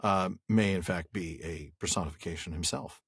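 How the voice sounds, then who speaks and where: A man's voice: low voice, normal speed, breathy edge, dry recording, studio quality. A man co-hosting a podcast, chatting casually and joking about a book, then reading a passage aloud steadily. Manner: easygoing, joking, reads narration steadily. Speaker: podcast co-host.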